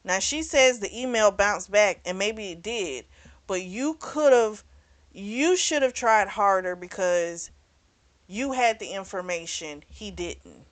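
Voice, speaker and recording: Blunt, animated woman recapping a book. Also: mid-range voice, slow pace, no room sound. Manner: animated, blunt and opinionated, swears and laughs. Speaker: book club host. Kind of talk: casual book recap and review.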